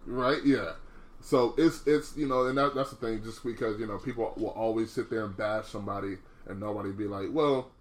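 A man's voice: lowish voice, fairly even intonation, fairly quick. A man co-hosting a podcast, talking frankly in casual chat, swearing often and calling others "bro". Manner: frank, profane, says "bro" a lot, many restarts. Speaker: podcast co-host.

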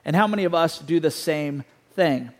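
A man preaching a sermon, telling a story with animated delivery and putting questions to the listeners. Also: fairly high pitch, moderate pace, big-room sound. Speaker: pastor.

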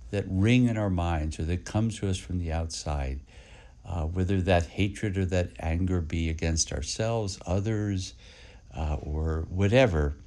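A very low-voiced man, a priest speaking a homily for a podcast. He talks gently and reflectively, pausing and repeating phrases as he thinks. He sounds middle-aged. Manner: gentle, reflective, with pauses and repetitions.

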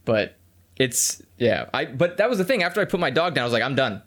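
A young man co-hosts a casual podcast, telling stories bluntly and with plenty of profanity while acting out what people said. His voice is medium in pitch, swinging widely, with a brisk pace and a fairly bright tone.

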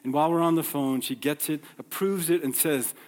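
Pastor with a slightly high voice. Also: male voice, fairly quick, darkish tone. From New York. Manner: conversational, acts out dialogue in stories. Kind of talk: sermon with personal storytelling. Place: church sanctuary. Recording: long hall reverb.

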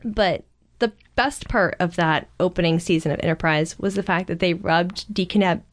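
A woman in her thirties chatting on a podcast, an enthusiastic fan with quick asides and some cursing. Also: lowish voice. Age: 30s. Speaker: podcast guest. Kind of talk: casual podcast chat.

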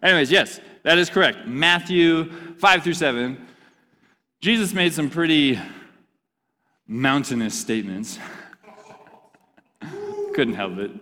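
A man's voice: a little high, sharp tone. Playful man preaching in a hall. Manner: playful, joking, quizzing the audience. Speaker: youth pastor. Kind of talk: interactive sermon with a youth group.

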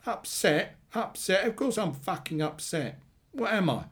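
A man's voice: mid-range voice, very animated, moderate pace, a little mellow, pitched above the performer's own voice, close to an everyday voice. A man voicing an angry young man in his twenties who swears bluntly and bitterly about his father.

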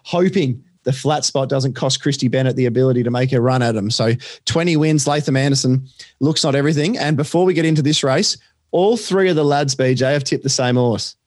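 A man's voice: medium pitch, darkish tone, dry recording, studio quality. Chatty Australian man breaking down races. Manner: chatty, quick, lots of fillers and restarts. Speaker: racing podcast tipster. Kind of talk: casual racing chat.

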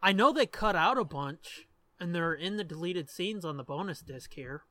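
A man's voice: high-pitched, animated, normal speed, bright, forceful tone, no echo. A man co-hosting a casual movie commentary podcast, joking, swearing freely and asking questions. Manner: joking, profane, asks questions. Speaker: podcast co-host.

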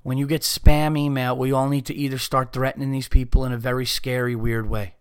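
Profane ranting podcast host, smooth voice. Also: male voice, medium pitch, flat delivery, fairly quick, dry recording, clean studio sound. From United States. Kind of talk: casual ranting monologue.

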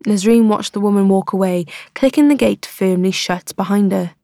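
Woman with dry, measured audiobook narration. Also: medium pitch, dark tone, dry recording. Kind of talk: scripted narration.

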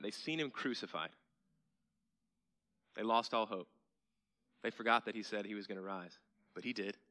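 A man preaching a sermon in a bright, forceful voice. He speaks earnestly and asks rhetorical questions. He repeats key phrases for emphasis, building from quiet asides to emphatic declarations. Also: medium pitch. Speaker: pastor.

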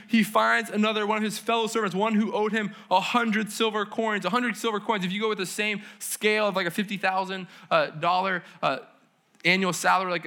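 Bright-voiced man preaching casually. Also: high-pitched. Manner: casual, conversational preaching with slang and audience questions. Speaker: pastor. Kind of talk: sermon. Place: church service.

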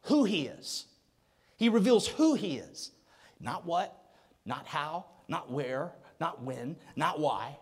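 Man preaching, high voice, lively swinging pitch, booming rhetorical questions, long hall reverb. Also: slow, breathy edge. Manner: animated preaching with rhetorical questions and swells to a shout. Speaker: pastor. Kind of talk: sermon.

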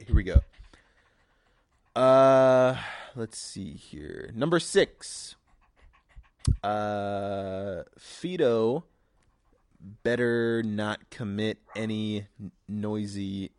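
Low-voiced rambling young podcaster. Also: male voice, slow pace, a little mellow, no echo, studio quality. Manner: rambling and profane, with frequent restarts. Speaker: podcast host. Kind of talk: casual solo podcast chat.

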